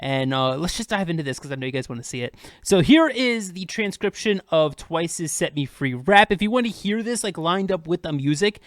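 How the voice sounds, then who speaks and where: A man's voice: a little high, animated, brisk, hardly any pauses, no room sound, studio quality. A young man hosting a casual, unedited music breakdown, chatting upbeat about rap flows with plenty of fillers. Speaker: host of a music breakdown channel.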